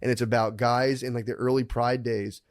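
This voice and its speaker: Animated laughing male podcast host. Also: mid-range voice, moderate pace. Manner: animated storyteller, laughs often, swears freely. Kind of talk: casual podcast chat.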